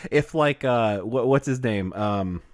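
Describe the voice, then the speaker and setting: A man's voice: mid-range voice, no echo, studio quality. A man co-hosting a podcast in casual chat, rambling with many restarts and laughing often. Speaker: podcast co-host.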